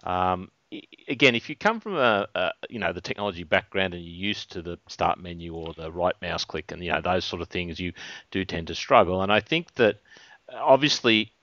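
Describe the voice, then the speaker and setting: A man's voice: low-pitched, fairly quick, pushed and bright, no echo. A man hosting a casual tech chat, talking hesitantly with frequent ums and restarts. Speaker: podcast host. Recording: dull lo-fi recording.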